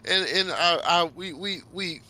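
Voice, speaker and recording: A man voicing an excited young adventurer who stammers and rambles as he tells his parents everything. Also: high-pitched, measured pace, voice pushed up, full character voice. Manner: rambling, stammering, tumbling words.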